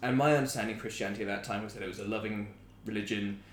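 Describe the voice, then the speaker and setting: A man's voice: on the low side, steady tone, very fast. A young man from the south of England talking candidly and reflectively in a casual chat, with some fillers. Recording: echoey room with faint background noise.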